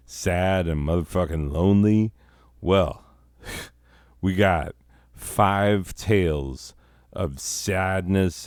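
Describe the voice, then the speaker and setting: A man's voice: low voice, darkish tone, smooth, no echo, clean studio sound. A man hosting a comedy show, telling stories in a rambling, profane, casual way full of fillers. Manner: rambling, heavy swearing, many fillers. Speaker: comedy podcast host. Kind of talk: casual profane comic storytelling.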